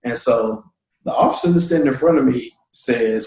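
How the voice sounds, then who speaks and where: A man's voice: medium pitch, a little fast. Guy telling his story in a group chat, does the voices, echoey room. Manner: storytelling, acts out quoted voices. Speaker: guest. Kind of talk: casual discussion.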